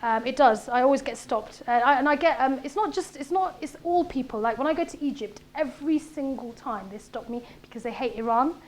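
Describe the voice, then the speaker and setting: A woman in her thirties, a comedian giving a conversational talk with comic stand-up bits, delivered in a punchy, animated way. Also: high-pitched, a little fast, few pauses, a little hiss or hum. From Britain. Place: event room.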